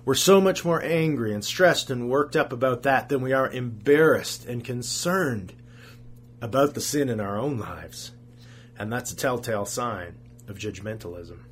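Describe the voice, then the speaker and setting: A man's voice: mid-range voice, a little slow, slight background noise. A man preaching a sermon as a pastor, earnest, asking rhetorical questions and repeating phrases for emphasis.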